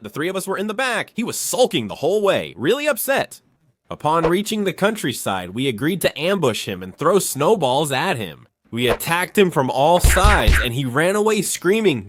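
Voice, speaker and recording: Animated man telling a childhood story. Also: mid-range voice, dry recording. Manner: animated, conversational. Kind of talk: casual storytime narration.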